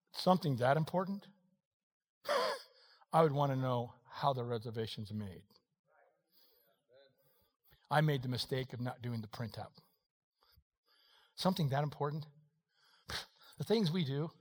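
A middle-aged man preaching a sermon, moving between quiet talk and shouting, with folksy asides. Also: mid-range voice, expressive, measured pace, pauses often. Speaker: pastor. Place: church hall. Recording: long hall reverb.

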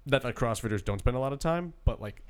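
A man's voice: mid-range voice, animated, quick pace. A man co-hosting a casual podcast, talking loosely with many fillers. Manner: chatty, lots of filler like. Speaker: podcast co-host. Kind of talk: casual chat.

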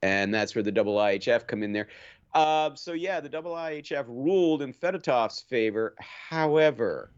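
A man's voice: medium pitch, normal speed, smooth, muffled recording. A man co-hosting a hockey podcast, chatting casually and rambling through stories with lots of restarts. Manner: rambling, animated, many restarts. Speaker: podcast co-host. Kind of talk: casual chat.

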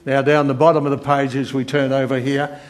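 An older man preaching a sermon, reading scripture in an earnest, halting way with many fillers and restarts. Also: mid-range voice, flat delivery.

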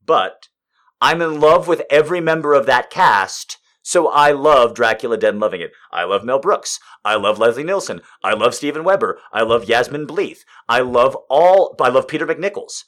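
Animated swearing man ranting about movies. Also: medium pitch, normal speed. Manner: animated, swearing, swings between loud outbursts and muttered asides. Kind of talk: casual comedic monologue.

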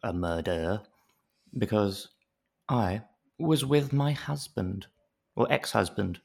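A man's voice: lowish voice, expressive, slow pace, vocal fry, a little mellow, full character voice. A man lightly putting on a flustered, evasive woman's voice who stumbles over her excuses while recapping a show. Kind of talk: podcast recap impression.

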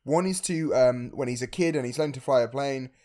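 A man's voice: mid-range voice, brisk, dark tone. A man co-hosting a casual film chat, thinking aloud and often repeating words as he goes. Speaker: podcast co-host.

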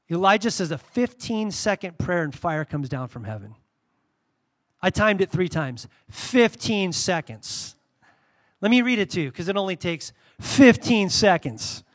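Brief: male pastor, high voice, casual animated storytelling sermon.

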